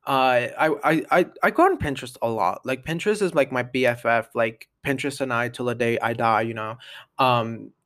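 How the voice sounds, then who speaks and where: A young man runs a casual solo podcast, talking a little fast in a fairly bright, medium-pitched voice. His delivery is chatty and meandering, packed with "like" and frequent restarts.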